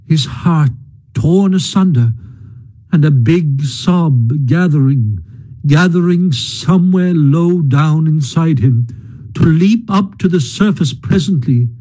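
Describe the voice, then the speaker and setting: Slow, mellow male storyteller. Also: a little high, low-quality recording. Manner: slow, measured and expressive. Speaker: narrator. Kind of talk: storybook narration.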